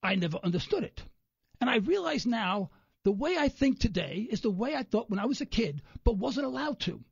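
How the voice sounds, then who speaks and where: Animated, gravelly New storyteller. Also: male voice, sits high, a little fast, no room sound. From New York. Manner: animated storyteller, acts out quoted people. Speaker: radio show guest. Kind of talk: rambling anecdotal radio interview. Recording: dull lo-fi radio audio, dry.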